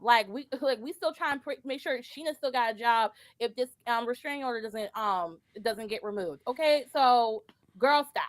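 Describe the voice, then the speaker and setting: A woman's voice: a little high, moderate pace, no room sound. A woman guest giving sassy, emphatic commentary in a casual gossip chat.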